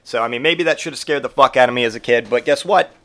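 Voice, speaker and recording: Man, podcast host, profane, rambling, animated, recovering from a cold. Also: medium pitch, quick pace. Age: adult parent who grew up in the eighties. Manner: profane, rambling and animated, with mock voices for quotes. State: getting over a cold, coughing. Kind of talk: casual comedic monologue.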